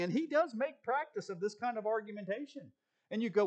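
A man delivers a sermon in a church, his voice sitting a little higher than most men's. He talks casually to the room, then climbs to emphatic peaks and slows right down when he reads scripture aloud. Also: big pitch swings, a little mellow. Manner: conversational, rising to emphatic peaks, slow deliberate scripture reading. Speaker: preacher.

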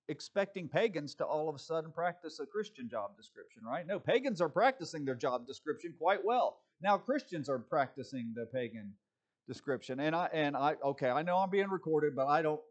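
Impassioned man with a higher voice. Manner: impassioned, sarcastic asides. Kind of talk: casual commentary.

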